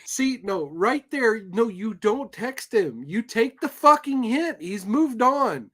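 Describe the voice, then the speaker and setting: A man's voice: extremely high pitch, very animated, slow, a bit bright. A man hosting a livestream, reacting to a clip with profane, sarcastic commentary. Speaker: livestream host. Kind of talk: casual commentary on clips.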